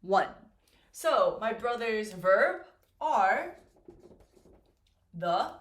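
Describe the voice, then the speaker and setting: Lively, slow-paced woman English teacher. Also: medium pitch. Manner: patient, prompts learners with questions. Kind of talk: slow, clear classroom explanation. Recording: echoey room with faint noise.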